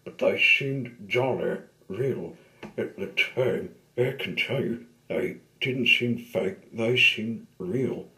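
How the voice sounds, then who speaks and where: A man's voice: fairly low pitch, slow pace, bright, forceful tone, echoey room. A man voicing a rattled, shaky male tugboat in a storybook reading, speaking in mutters. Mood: unsettled.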